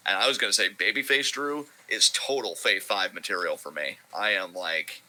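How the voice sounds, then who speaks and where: A man's voice: on the low side, moderate pace, pushed and bright, low-quality recording. A man co-hosting a stream, chatting casually while gaming, loose and rambling with lots of filler words. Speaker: co-host of a wrestling talk stream.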